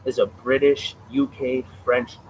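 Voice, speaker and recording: A man's voice: mid-range voice, level tone, measured pace, a little mellow, slight background noise, low-quality recording. A young Canadian man with a Canadian accent, chatting casually on a livestream, blunt and profane, calling the viewers "bro.". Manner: blunt, profane, emphatic, says "bro" often.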